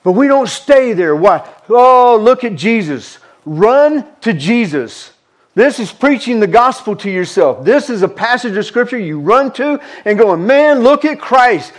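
Male Southern US preacher, high-pitched, fervent, slow, repetitive emphasis. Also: very animated. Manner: fervent, repeats words for emphasis. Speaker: pastor. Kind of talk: sermon.

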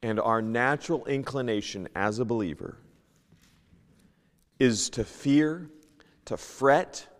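A man teaching a Sunday school lesson, reading King James scripture aloud and moving between loud emphasis and hushed asides. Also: mid-range voice, takes it slowly, long pauses, big-room sound. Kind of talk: Bible teaching, sermon. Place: church.

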